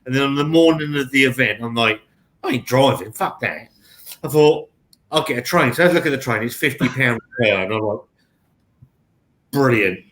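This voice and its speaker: A man's voice: medium pitch, moderate pace, pauses often, a bit bright. A man, telling a long, sweary, rambling anecdote on a casual live chat. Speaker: co-host.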